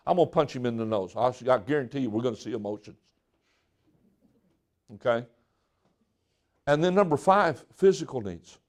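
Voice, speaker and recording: A middle-aged male pastor delivers a folksy sermon, with a high-pitched voice. He jokes with the congregation and acts out little exchanges between people. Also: lively intonation, moderate pace, long pauses.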